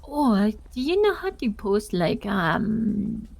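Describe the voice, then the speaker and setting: A woman's voice: mid-range voice, very animated, slow, vocal fry, a little mellow, dry recording. A woman roleplaying in character in casual, teasing chat, hesitant with fillers. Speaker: roleplay player.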